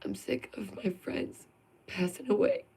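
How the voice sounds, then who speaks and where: A woman's voice: medium pitch, wildly swooping pitch, measured pace, vocal fry, dark tone, slightly rough. A woman vlogger venting in an emphatic, sarcastic monologue full of rhetorical questions.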